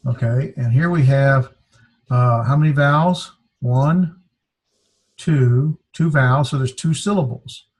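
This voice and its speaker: A Greek teacher gives a classroom lesson in a slightly husky, everyday mid-pitched voice. He speaks slowly and haltingly, often stopping to sound out each syllable.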